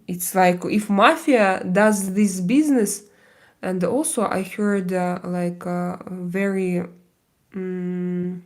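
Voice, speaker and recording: With a lowish, slightly mellow voice, a woman hosts a casual livestream from home while doing makeup. Her chatter with viewers wanders, heavy with fillers and restarts, and she breaks into mock-Spanish bits now and then.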